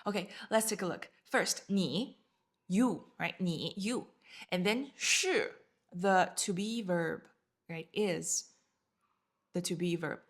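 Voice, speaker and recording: A woman teaching an online Chinese lesson, patiently repeating each word and explaining it in English. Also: lowish voice. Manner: patient, repeats words slowly with English glosses.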